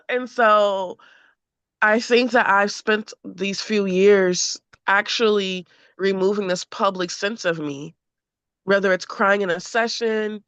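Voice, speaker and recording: A woman speaks candidly in a group session. She is earnest and emotional, peppers her speech with fillers and slips into animated voices for quotes. Her voice sounds bright and sharp, and the recording is dull and very dry. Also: medium pitch, no echo. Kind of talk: candid personal sharing.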